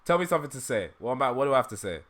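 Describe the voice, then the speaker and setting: A man's voice: medium pitch, sing-song, very fast, fairly bright tone. A man hosting a casual livestream, laughing often and joking about himself, with a dry throat. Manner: laughs often, self-deprecating. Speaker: livestream host.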